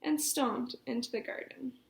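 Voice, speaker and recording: A woman reading a children's storybook aloud at a storytime, expressive and animated. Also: high voice, a little slow, gravelly, noisy background. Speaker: storytime reader. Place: library. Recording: echoey room.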